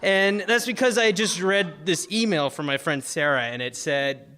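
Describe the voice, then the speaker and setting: A young man from Florida telling an emotional personal story on stage, animated, full of likes and fillers. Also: fairly high pitch, normal speed, hardly any pauses. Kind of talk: live personal storytelling talk.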